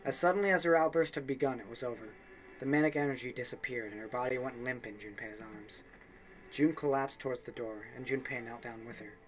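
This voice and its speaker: A man's voice: medium pitch, a little fast, slight background noise. A young man reading a game's story text aloud for a let's play, with offhand asides and small slips.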